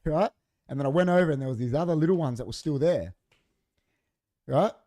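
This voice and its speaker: A man's voice: on the high side, brisk. A man on a podcast in a studio, telling a story in casual, profane chat and acting out what people said. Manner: profane, animated, acts out quoted dialogue. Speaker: podcast co-host.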